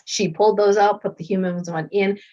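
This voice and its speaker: A middle-aged woman, a doctor and author, chatting as an interview guest and telling lively stories. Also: mid-range voice, a little fast. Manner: lively storyteller who acts out quoted voices and laughs often. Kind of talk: casual interview chat. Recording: dull lo-fi recording.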